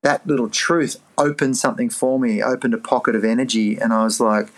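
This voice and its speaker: A middle-aged Australian life coach shares a personal story during a podcast interview, speaking fairly quickly. He's earnest and animated, and he often jumps into a higher voice to act out the thoughts he had back then.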